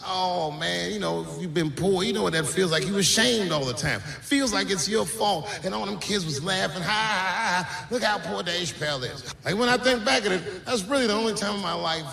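A man's voice: sits high, creaky, sharp tone, soft background music. A man doing stand-up comedy, telling stories and acting out other people's voices, stretching his punchlines. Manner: storytelling with acted-out voices, drawn-out punchlines. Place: comedy stage before a live audience. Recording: echoey live venue with audience.

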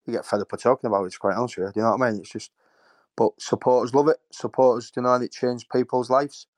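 A man's voice: mid-range voice, fairly even intonation, very fast, a little mellow, no room sound. A man, a former footballer telling stories in a rambling, emotional way. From Hull, England. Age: 50s. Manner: rambling, repeats words, emotional. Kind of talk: casual storytelling interview.

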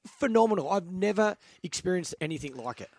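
Aussie radio co-host, pretty high voice, dry studio sound, excitable. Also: male voice, fairly quick, dry recording. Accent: Australian. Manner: enthusiastic, laughs easily. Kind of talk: casual sports radio chat. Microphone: studio mic.

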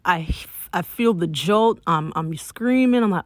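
A young woman from Miami telling a personal story in a casual, emphatic, animated way, often saying "like.". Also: lowish voice, unhurried. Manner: emphatic, animated retelling with frequent "like".

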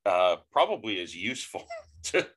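A man's voice: on the low side, big pitch swings, moderate pace, a bit bright, slightly rough. An American man hosting a podcast interview over a remote call, talking casually with frequent restarts and stammers. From United States. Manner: hesitant, many restarts and stammers. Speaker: podcast host.

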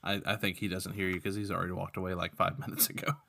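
A man's voice: deep voice, flat delivery, quick pace, creaky, bright, forceful tone. A man narrating a tabletop game as game master, in a casual, joking way.

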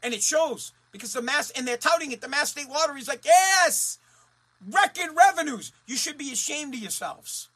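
A man from Massachusetts in a profane, heated rant who swears constantly, repeats himself and rises to shouting. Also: very high voice, fast talker, few pauses, slightly rough. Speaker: ranting commentator.

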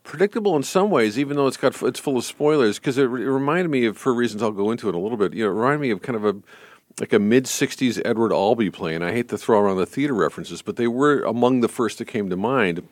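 A man's voice: medium pitch, lively intonation, quick pace, dry recording. A man who is a film critic, guesting on a podcast and thinking aloud with many restarts and fillers. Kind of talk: casual film review chat.

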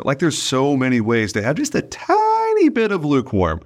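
A man hosting a podcast in casual conversation, acting out sales calls in quick mock voices. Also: fairly high pitch, huge pitch swings. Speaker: podcast host.

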